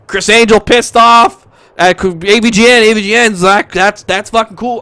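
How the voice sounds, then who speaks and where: High, bright, swearing wrestling commentator man. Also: steady tone, moderate pace, clean tone, dry recording. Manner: swears constantly, breaks into shouting hype. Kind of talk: profane excitable play-by-play commentary.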